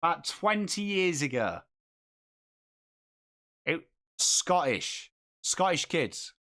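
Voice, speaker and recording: This Englishman hosting a live footy watchalong speaks slowly in a sing-song, slightly high voice with a bright, forceful tone. He chats in a relaxed way, responds to viewers' comments, and reacts to the match while calling the play.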